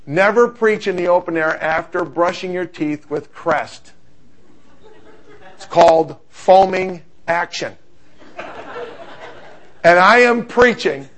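A middle-aged man preaching a sermon, telling stories in an animated, humorous way. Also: high voice, takes it slowly, pauses often.

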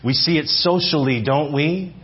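A man in his forties preaching a sermon in church, animated, repeating phrases for emphasis and asking the congregation questions. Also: on the high side, moderate pace, breathy edge, dull audio. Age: 40s. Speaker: visiting speaker. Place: church sanctuary.

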